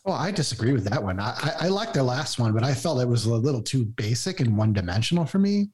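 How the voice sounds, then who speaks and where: A man's voice: medium pitch, very animated, fast talker, darkish tone, slight background noise. A man co-hosting a podcast, frank and opinionated in casual chat. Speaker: podcast co-host.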